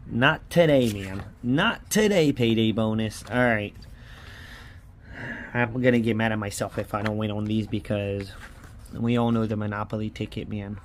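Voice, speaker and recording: A fairly low, level male voice at normal speed comes through with a little hiss or hum. He hosts a lottery scratch-off channel, grumbling with frustration in a casual vlog as he scratches tickets and often ends sentences with "man."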